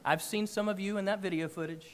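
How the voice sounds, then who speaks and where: A man preaching a sermon in church, emphatic and animated, with big swings in loudness. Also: sits high, fast talker. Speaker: pastor.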